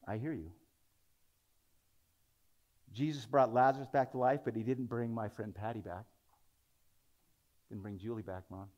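A man's voice: mid-range voice, fairly even intonation, a little slow, pauses often, a little mellow, highs cut off. A man preaching a sermon, talking conversationally and building into dramatic scripture readings.

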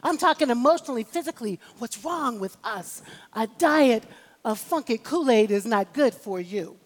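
A woman preaching a sermon in a high, bright voice, her words ringing out with a long reverb in a church sanctuary. She builds her points in emphatic, rhythmic waves and calls on the congregation for amens. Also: lively intonation, moderate pace. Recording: long reverb of a large hall.

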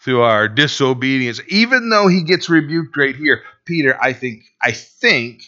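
A male pastor preaching a sermon, swinging between loud and hushed delivery and acting out quotes. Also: mid-range voice, lively intonation, unhurried, dull audio.

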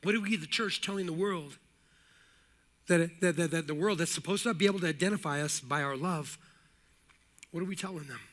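A middle-aged man preaching a sermon as pastor, energetic and repetitive, with jokey asides and calls of amen. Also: fairly high pitch, brisk, long pauses.

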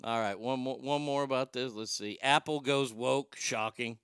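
A man's voice: mid-range voice, fairly even intonation, moderate pace, fairly bright tone, clear, resonant tone, no echo. A man hosting a comedy show, talking casually in a sarcastic, profane, rambling way. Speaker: host.

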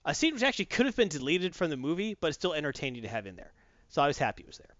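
Animated man recapping a movie. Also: on the high side, rapid-fire, no echo. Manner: animated storytelling with acted quotes. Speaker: movie reviewer. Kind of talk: casual chat. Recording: dull lo-fi dry recording.

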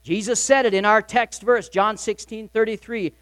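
High-voiced preacher man, dry and close. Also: fairly even intonation, moderate pace, clear, resonant tone, dry recording. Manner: emphatic preaching, swinging between loud and soft. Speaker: pastor. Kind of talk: sermon.

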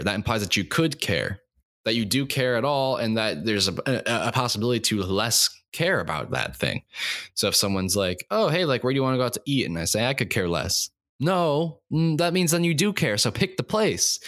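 A man rambling through a comic monologue in a deadpan, looping way, with a lowish voice that swings widely up and down. He's recorded close and dry, with almost no room sound. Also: no echo. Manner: repetitive, deadpan rambling with sudden squeaky voices.

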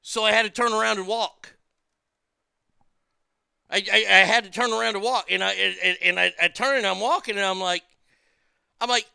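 A man's voice: high voice, moderate pace, creaky, pauses often, bright, forceful tone, clean tone, no echo, studio quality. A man telling a story as a profane rant, stammering and repeating his words as he swears.

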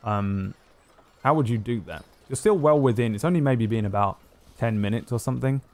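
A man narrating as game master in a tabletop game, relaxed and rambling with many fillers. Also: medium pitch, a little fast.

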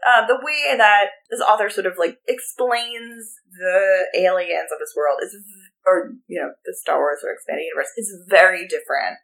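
A woman's voice: fairly low pitch, normal speed, creaky, fairly bright tone, rough recording. A woman co-hosting a podcast, chatting about a book in a rambling way with many fillers. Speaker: podcast co-host. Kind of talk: casual book-club chat.

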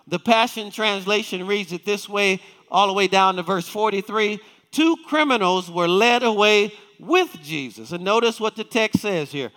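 A male pastor with a high, sharp voice preaches in a church sanctuary, where the sound fills a big room. He reads scripture aloud, slowing down emphatically for the quotes, and poses questions to the congregation.

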